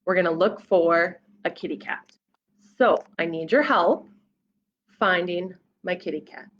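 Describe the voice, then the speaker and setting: A woman children's librarian reading a picture book aloud at storytime, playful and animated, with gasps and sound effects. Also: lowish voice, unhurried, dull audio, slight background noise.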